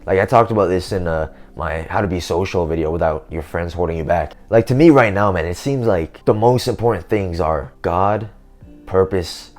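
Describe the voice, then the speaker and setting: A young man with a deep, low-set voice talks straight to camera in a loose, rambling vlog. His speech is slangy and full of "man" and "dude". He sounds like someone thinking out loud. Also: normal speed, soft background music. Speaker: self-improvement vlogger. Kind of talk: casual vlog monologue.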